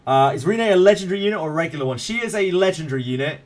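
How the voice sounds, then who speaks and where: A man's voice: fairly high pitch, lively intonation, rapid-fire. A man streaming a game live, chatting casually with viewers in a laid-back, self-mocking way and swearing freely.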